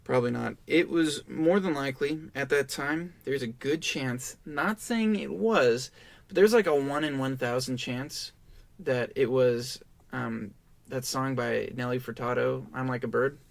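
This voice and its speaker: A man's voice: mid-range voice, measured pace, gravelly, no echo. A man in his twenties, a podcast guest, telling a rambling, profane story in casual chat.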